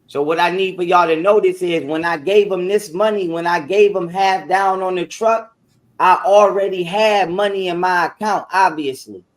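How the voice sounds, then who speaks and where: A man's voice: sits high, moderate pace. A man ranting on a livestream, profane and defensive, repeating himself.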